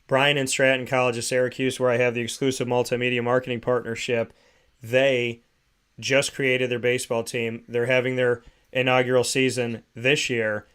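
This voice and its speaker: Smooth-voiced man hosting a radio show. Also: mid-range voice, little pitch movement, normal speed, a bit bright. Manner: joking, conversational. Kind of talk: casual radio chat.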